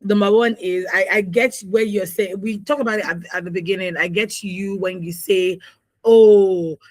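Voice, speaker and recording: Higher-pitched radio host. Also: male voice, fairly even intonation, moderate pace, no echo, rough recording. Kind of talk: radio talk show.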